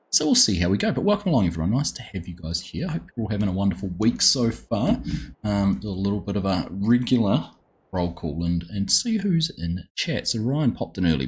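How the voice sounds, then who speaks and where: With a low voice that has a breathy edge, this Australian live game streamer talks casually with his audience as he plays, calling out viewers by name.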